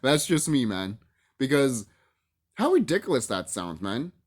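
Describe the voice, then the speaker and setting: Animated ranting man, lively pitch. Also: a little slow, husky. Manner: animated, swearing, laughs often, repeats himself. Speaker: YouTube movie commentator. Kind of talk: casual rant to camera.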